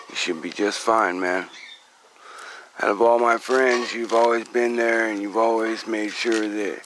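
A man with a somewhat low voice speaks sincerely, encouraging a close friend. Faint background noise is audible. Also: rough recording. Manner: sincere, warm-hearted encouragement. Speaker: friend sending a message.

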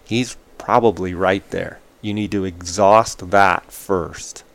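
Emphatic low-voiced man giving hunting advice. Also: steady tone, takes it slowly. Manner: emphatic, repeats advice in short punchy phrases; acts out quoted exchanges with a raised voice. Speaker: hunting podcast host. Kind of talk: casual chat.

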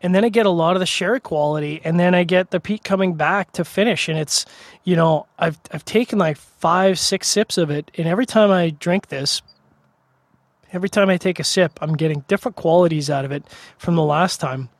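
Co-host, man, talkative and joking, slightly high voice, very dry close sound. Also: a little fast, no room sound. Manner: chatty, playful, laughs easily. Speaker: co-host of a drinks tasting show. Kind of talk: casual chat.

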